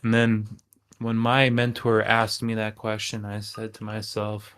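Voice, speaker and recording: A man's voice: on the low side, monotone, unhurried, a bit bright, clear, resonant tone. A man hosting a casual trading livestream, talking animatedly and asking rhetorical questions with frequent "right?". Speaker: trading channel host.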